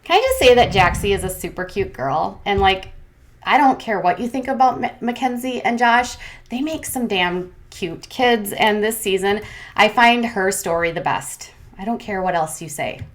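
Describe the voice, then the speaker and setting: A woman's voice: mid-range voice, expressive, normal speed. A woman giving a casual, opinionated recap commentary, chatty and full of "um" and "like". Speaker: commentary host.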